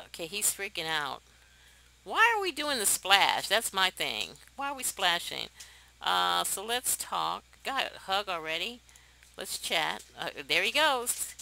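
A young woman hosting a let's play, chatting to viewers in a chatty, excitable way and laughing often. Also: lowish voice, normal speed, creaky, slight background noise, poor audio. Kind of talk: casual gameplay commentary.

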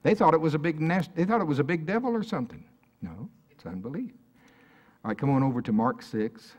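A man's voice: on the high side, sing-song, fairly quick, darkish tone. A man preaching a sermon at a church service in a conversational way, often asking the congregation questions.

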